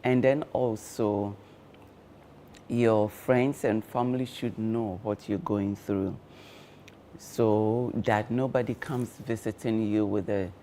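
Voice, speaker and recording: Male health guest, measured and unhurried, lots of "um"s, low voice. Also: fairly even intonation, dark tone, slight background noise. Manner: slow, measured explaining with frequent fillers. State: talking with cloves in his mouth. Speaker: health guest on a breakfast show. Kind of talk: explanatory studio talk.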